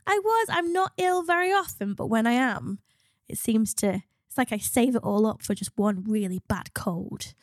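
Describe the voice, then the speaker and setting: A woman, a business psychologist co-hosting a podcast, upbeat and quick to laugh, sounding stuffed up from a cold. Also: fairly high pitch, expressive, no room sound, clean studio sound.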